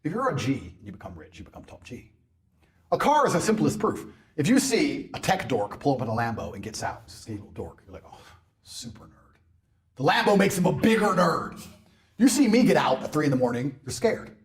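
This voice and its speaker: A man ranting on a podcast in a boastful, mocking way, mimicking people in loud bursts. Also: mid-range voice, sing-song, fairly quick. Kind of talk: animated podcast rant.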